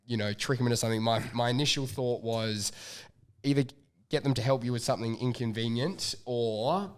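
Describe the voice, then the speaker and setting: A man with a mid-pitched voice hosting a casual podcast. He keeps things loose, swears freely and laughs along with his guests. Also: fairly quick, smooth. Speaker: podcast host.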